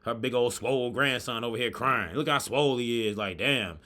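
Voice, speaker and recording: Fired-up man ranting with slang. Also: fairly quick. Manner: loud, preachy, street slang, swings from shouting to low asides. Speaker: podcast host reacting to videos. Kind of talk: fired-up reaction commentary.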